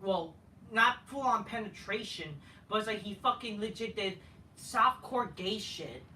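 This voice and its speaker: A man's voice: high voice, animated, measured pace, sharp tone, slight background noise. A man ranting as he reviews a wrestling show, profane and rambling with many fillers. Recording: echoey room, distant mic.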